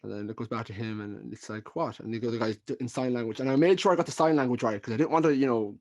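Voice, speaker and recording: A man's voice: mid-range voice, rapid-fire, a little mellow. An Irish man who is a podcast guest, talking casually and rambling with frequent restarts. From Ireland. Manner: rambling, lots of restarts and fillers. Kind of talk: casual chat.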